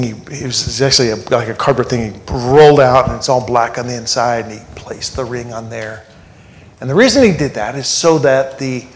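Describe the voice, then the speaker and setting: A pastor giving a church sermon, reading scripture aloud and explaining it in a conversational way with joking asides. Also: male voice, mid-range voice. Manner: reads scripture aloud and unpacks it line by line.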